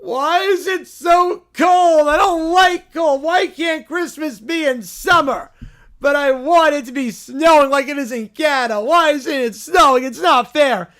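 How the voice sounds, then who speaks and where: A reader doing a shrill, whiny little princess. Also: unhurried, fairly bright tone. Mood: whining. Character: bratty spoiled little princess girl.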